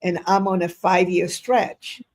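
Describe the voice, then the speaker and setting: A woman's voice: fairly low pitch, a little slow, darkish tone. A woman in her seventies, a guest on an interview over a video call, talking in an effusive, rambling way. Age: 70s. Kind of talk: casual interview talk.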